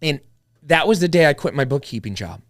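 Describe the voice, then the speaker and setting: Blunt, swearing man with a slightly high voice. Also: fairly quick. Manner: blunt, swears freely, animated retelling. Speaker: podcast guest, real estate investor. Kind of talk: casual storytelling chat.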